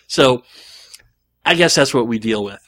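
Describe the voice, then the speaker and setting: A man's voice: mid-range voice, expressive, measured pace, heavy background noise. A man hosting a podcast, talking casually and rambling animatedly, with frequent fillers and restarts. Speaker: podcast host. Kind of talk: casual solo podcast monologue.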